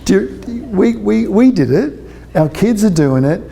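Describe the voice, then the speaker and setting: Man, parenting speaker, unhurried delivery, mellow tone, jokes and asks the audience "right?". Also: high voice, expressive, vocal fry, slightly rough. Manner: chatty, joking, checks in with the audience. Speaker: parenting consultant giving a talk. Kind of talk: public talk to parents.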